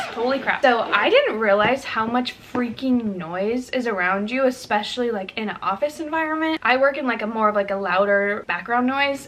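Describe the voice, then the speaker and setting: A young woman talks straight to her viewers in a relaxed, chatty advice vlog, peppering her tips with "like" and "you know." Her voice sits slightly high. A faint background hiss runs under the recording. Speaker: vlogger.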